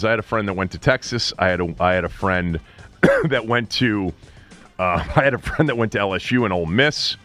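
A male sports radio host with a lowish voice that swings up and down as he riffs casually. He chats in a loose, talky way, laughing at his own asides, with faint music underneath. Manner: chatty, animated, laughing asides.

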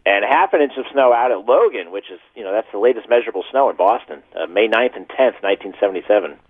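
A man's voice: fairly low pitch, lively intonation, quick pace, no room sound. Male meteorologist phoning in; tinny, dry phone sound, chatty and rambling. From western Massachusetts. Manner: chatty, self-deprecating, stumbling over words. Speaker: TV meteorologist calling in. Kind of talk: casual phone-in chat.

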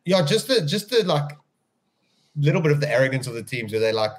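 A man's voice: on the high side, big pitch swings, brisk. Rambling man in podcast chat. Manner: rambling, restarts sentences with "like". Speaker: podcast co-host.

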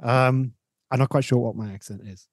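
A man's voice: medium pitch, fairly even intonation, normal speed, no room sound, clean studio sound. A man from Malaysia hosting a casual talk show, asking probing questions with a wry, joking manner. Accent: flat, neutral English, Malaysian. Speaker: host.

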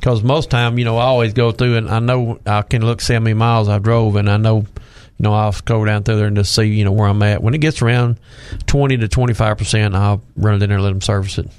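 A man's voice: on the low side, steady tone, quick pace, hardly any pauses, a little mellow, clean tone, no echo. A man from an auto shop, talking casually on the radio. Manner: plain-spoken, lots of "you know".

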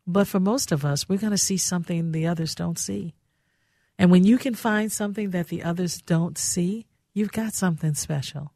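A woman's voice: lowish voice, a little fast, warm tone, dry recording. Chatty woman radio host, dry studio sound. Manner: chatty, effusive, giggly. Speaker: radio talk show host. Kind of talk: casual radio talk.

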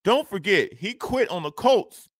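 A man co-hosting sports talk, animated and argumentative in casual chat. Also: high voice, measured pace, no echo, studio quality.

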